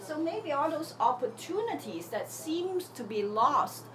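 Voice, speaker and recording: A woman's voice: sits high, big pitch swings, unhurried, a bit bright, low-quality recording. A middle-aged woman talking candidly in a casual monologue about her thoughts, acting out the voices in her head. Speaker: self-help teacher.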